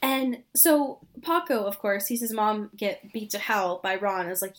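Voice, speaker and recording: A woman's voice: mid-range voice, unhurried, few pauses. A woman co-hosting a casual chat that recaps a TV show, sarcastic and exasperated, swearing freely. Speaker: podcast co-host.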